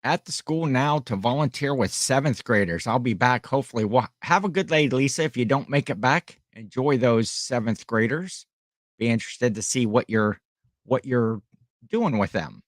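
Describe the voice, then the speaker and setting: A man's voice: mid-range voice, expressive, normal speed. This is a man hosting a casual livestream, with an ordinary mid-range voice. He rambles in a friendly way and answers his viewers as he goes. The sound is dry and close, with no room echo. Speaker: livestream host and online reseller.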